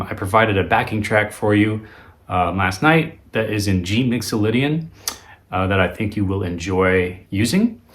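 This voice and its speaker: A man teaching a guitar lesson in a relaxed, conversational way, with frequent ums and uhs. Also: on the low side. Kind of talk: video lesson.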